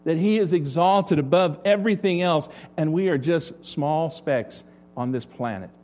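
Man, pastor, sermon, rhetorical questions, fairly high-pitched. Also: normal speed, a little mellow. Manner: preaching with rhetorical questions to the congregation.

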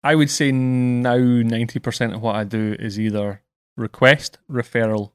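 A man's voice: mid-range voice, fairly even intonation, moderate pace, smooth, no room sound, studio quality. A Scottish man hosting a casual podcast chat and reading out listener messages. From Scotland. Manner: banter, reads listener messages. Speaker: podcast host.

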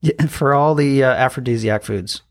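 A man's voice: medium pitch, moderate pace, creaky. A man co-hosting a podcast, chatting casually and throwing in short, dry quips. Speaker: podcast co-host. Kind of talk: casual chat.

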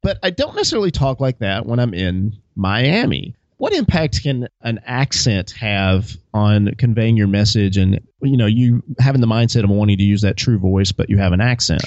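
A man's voice: lowish voice, expressive, normal speed, few pauses, darkish tone, no echo. A man from the American South hosting a podcast, asking long easygoing questions in a conversational way. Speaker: podcast host. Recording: dull lo-fi podcast audio.

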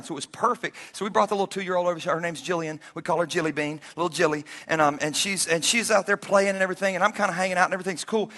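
A male preacher in his forties with a high, bright and ringing voice. He tells stories with big swings from shouted lines to hushed asides and keeps joking with the congregation in a loose, conversational way. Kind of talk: sermon with personal stories.

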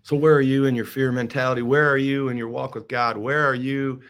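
Bright, forceful man preaching on a podcast. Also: medium pitch, little pitch movement, a little fast. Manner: dramatic storytelling, swinging from hushed whispers to loud pleading. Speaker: podcast host. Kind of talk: devotional podcast talk.

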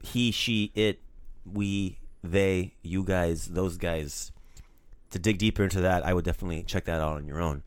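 A man hosting a casual language lesson, animated and playful, teasing his co-host and praising each repeat. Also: low-pitched, normal speed, clear, resonant tone, no room sound.

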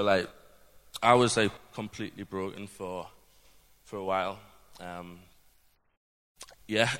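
A long hall reverb colors this informal testimony from a young UK man at a church gathering. His low voice has a fairly bright, clean tone, and his earnest, rambling delivery is packed with fillers.

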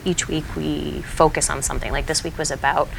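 A woman's voice: low-pitched, fairly even intonation, brisk, vocal fry, a little hiss or hum, rough recording. A woman kindergarten teacher talking in a casual interview, earnest and heartfelt, with many fillers and restarts. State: tearful at times.

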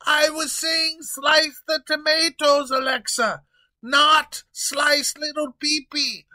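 A man voicing a pompous, gluttonous male king who commands loudly and yells when crossed, in a comedic audio story. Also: high-pitched, slow, vocal fry, exaggerated voice. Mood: frantic. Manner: blustery, commanding, prone to yelling.

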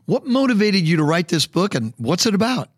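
A man's voice: high voice, big pitch swings, a little fast, husky, no room sound, studio quality. A man co-hosting a podcast, asking a guest friendly, eager questions. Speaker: podcast co-host. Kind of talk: interview questions.

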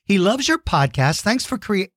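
A man hosting a children's podcast, reading out listener mail with big enthusiasm, warm praise and playful mock-outraged shouts. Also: sits high, very animated, normal speed, no echo, clean studio sound. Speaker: kids' podcast host.

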